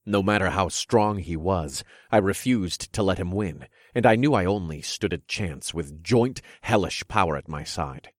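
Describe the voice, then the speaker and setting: A man giving dramatic, steady first-person audiobook narration. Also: deep voice, moderate pace, hardly any pauses, dry recording, clean studio sound.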